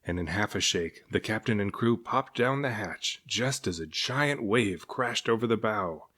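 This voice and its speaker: A man reading a children's picture book aloud in an expressive storytelling way. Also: fairly low pitch, unhurried.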